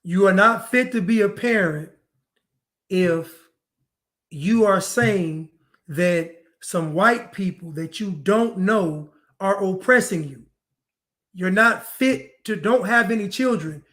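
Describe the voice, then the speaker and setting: A man's voice: sits high, takes it slowly, fairly bright tone. A man giving a preachy, mocking monologue, repeating phrases for emphasis and acting out other people's lines. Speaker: commentator. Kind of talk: monologue commentary.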